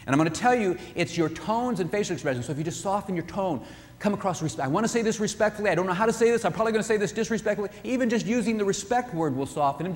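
A man giving a sermon-style talk on marriage, animated, acting out what spouses say. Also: high voice, fast, in a large hall. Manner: animated, acts out spouses' voices. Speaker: marriage speaker.

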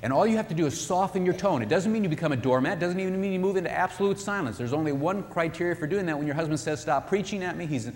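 A man giving a sermon-style talk on marriage, animated, acting out what spouses say. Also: fairly high pitch, very fast, few pauses, long reverb tail. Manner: animated, acts out spouses' voices. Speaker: marriage speaker.

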